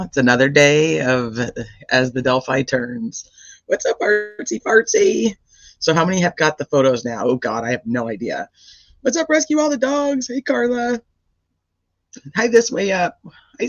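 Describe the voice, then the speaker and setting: A man hosting a true-crime livestream and chatting casually with viewers as he greets them by name. His voice is roughened by a cold. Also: a little high, measured pace, no echo. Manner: chatty and animated, rattling off greetings. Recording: dry, slightly dull lo-fi sound.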